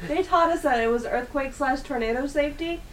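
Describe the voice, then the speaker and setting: A woman from California co-hosting a podcast, chiming in with quick jokes. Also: high-pitched, distant mic, a little hiss or hum. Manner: quick joking interjections. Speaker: podcast co-host. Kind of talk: casual chat. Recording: voice a bit off-mic.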